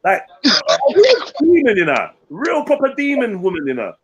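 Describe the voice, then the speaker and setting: Animated man, fairly high voice. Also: normal speed, muffled recording, a loud crowd. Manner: animated, blunt, slangy. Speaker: podcast co-host. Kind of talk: casual chat, storytelling.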